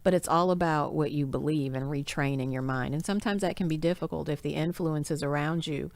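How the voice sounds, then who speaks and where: Woman host, low voice, earnest and upbeat casual chat, quick to laugh. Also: a little mellow, no room sound. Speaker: podcast host.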